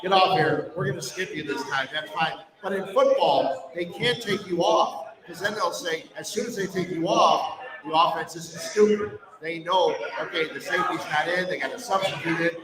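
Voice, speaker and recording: Guy with a kinda high voice ranting about football, blunt and emphatic, sounds far off in a big echoey room with a crowd chatting behind. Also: normal speed. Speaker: sports radio host. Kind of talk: live podcast sports talk. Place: brewery release party, indoors.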